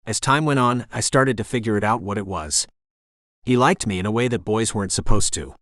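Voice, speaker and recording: Low-voiced man narrating an audiobook. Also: fairly quick, fairly bright tone, no room sound, studio quality. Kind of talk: scripted first-person narration.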